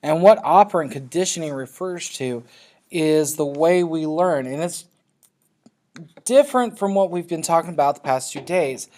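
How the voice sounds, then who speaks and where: A man's voice: a little high, a little mellow. Guy teacher talking through a class lesson, casual, keeps checking okay?. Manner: loose, checks in with frequent "okay?". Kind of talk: classroom lecture.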